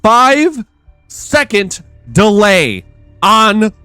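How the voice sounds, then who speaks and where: A man's voice: sits high, big pitch swings, drawn-out words, sharp tone, clean tone, no echo, soft background music. A man hosting a podcast, telling stories in an exasperated, profane casual rant. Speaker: podcast host. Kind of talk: casual ranting storytelling.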